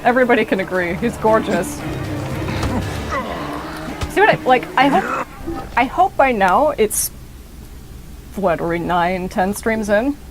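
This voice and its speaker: A young woman streaming a game, talking in a rambling, excitable way and swearing often. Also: mid-range voice, unhurried, long pauses, music in the background, low-quality recording. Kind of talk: casual gameplay commentary.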